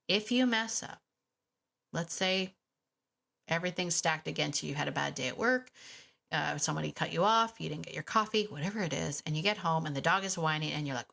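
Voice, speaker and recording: A woman's voice: low-pitched, quick pace, creaky, fairly bright tone. A woman hosting an advice podcast, talking casually and often tagging her points with "right?". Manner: chatty, frequent "right?" tag questions. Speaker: podcast host, dog trainer.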